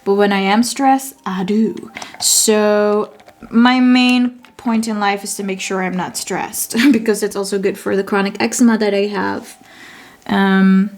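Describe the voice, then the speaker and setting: A woman's voice: mid-range voice, fairly even intonation, a little slow. A woman with a Dutch accent, a native Dutch speaker, chatting casually as she sets up her journal, thinking aloud and correcting herself as she goes. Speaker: vlogger. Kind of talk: casual chat while journaling.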